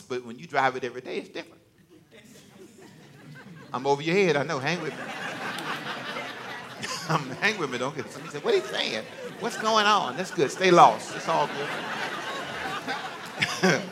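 A man's voice: a little high, bright, forceful tone. A male preacher giving a conversational, joking sermon to a church congregation, teasing and talking directly to them.

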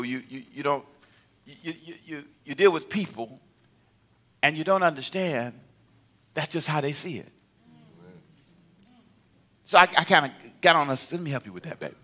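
A man's voice: on the high side, expressive, normal speed, long pauses, sharp tone. An older man preaching a sermon, rising in emphasis and calling for answers from the congregation. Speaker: pastor.

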